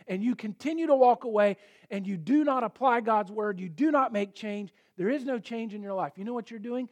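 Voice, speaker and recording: Man, high-pitched voice, middle-aged pastor, earnest sermon delivery, emphatic peaks. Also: brisk.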